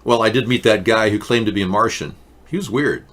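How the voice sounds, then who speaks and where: A man's voice: fairly low pitch, fairly quick, fairly bright tone. A man hosting a show, talking in a casual, rambling, jokey monologue full of asides. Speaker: host.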